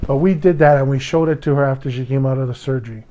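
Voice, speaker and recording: A man's voice: medium pitch, fast talker, mellow, highs cut off. A young adult man from Hawaii, hosting a casual monologue podcast and telling an emotional story with many restarts and quoted voices. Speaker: podcast host.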